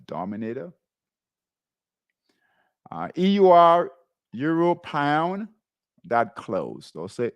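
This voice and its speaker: Slow gravelly male trading host. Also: medium pitch, dry recording. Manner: repeats tags like "right?" and "okay?" while pointing at charts. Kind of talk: live chart walkthrough.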